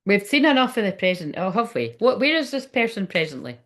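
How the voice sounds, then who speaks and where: Scottish woman, live tarot reading, blunt and sweary, chatty with fillers, mid-pitched voice. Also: sing-song, a little fast, a bit bright. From Scotland. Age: adult, ten years online. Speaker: spiritual reader on a livestream.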